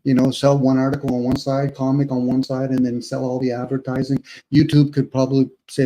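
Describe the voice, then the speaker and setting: A man's voice: medium pitch, steady tone, fairly quick, warm tone, a little hiss or hum, low-quality recording. A man who is a guest on a live online panel, talking in a rambling, reflective way full of rhetorical questions. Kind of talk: casual live panel chat.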